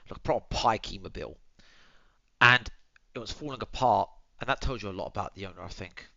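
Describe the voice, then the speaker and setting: Telling a story in casual chat, a young male streamer swears freely, calls his viewers boys and bro, and mutters asides while he tends his dog. His lowish voice is brisk, gravelly and sharp. The audio has no room sound and comes across dull.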